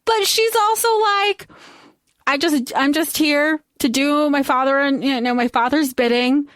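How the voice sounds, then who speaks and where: A woman with a bright, high voice retells a film plot for a podcast in a loose, casual chat. She slips into little character voices and swears offhandedly. The sound is close and dry. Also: no room sound. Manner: animated, acts out characters' lines in quick voices, swears casually. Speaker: podcast co-host.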